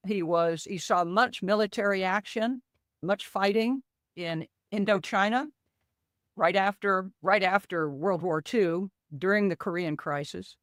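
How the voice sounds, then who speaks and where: Older woman, lively storyteller. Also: mid-range voice, measured pace, dry recording, studio quality. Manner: animated storyteller, acts out quoted dialogue. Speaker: co-author guest. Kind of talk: conversational podcast interview.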